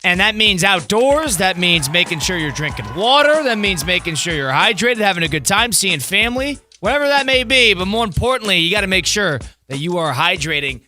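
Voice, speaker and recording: A man's voice: high-pitched, a little fast, hardly any pauses, soft background music. A man from the Northeast US co-hosting a sports radio show, chatting and reading a live ad with lots of energy. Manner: energetic, talkative, jokey. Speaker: radio co-host. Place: radio studio. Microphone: studio mic.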